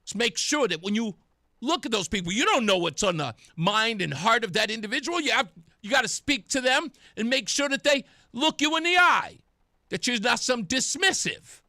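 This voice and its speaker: Animated high-voiced male radio host. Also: moderate pace, dry recording, clean studio sound. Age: young adult. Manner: animated, sarcastic, emphatic. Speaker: radio talk show host. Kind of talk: opinionated talk radio monologue. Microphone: studio microphone.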